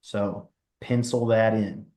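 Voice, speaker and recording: Flat-voiced, low folksy man. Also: takes it slowly. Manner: relaxed, folksy, reads out viewer questions. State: has the hiccups. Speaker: wildlife department presenter. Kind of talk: casual live Q&A.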